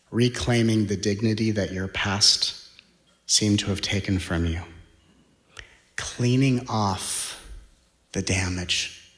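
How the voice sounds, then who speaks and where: Deep-voiced man giving a spiritual talk. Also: reverberant. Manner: slow, deliberate phrasing, with hushed, whispered emphasis. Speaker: spiritual teacher.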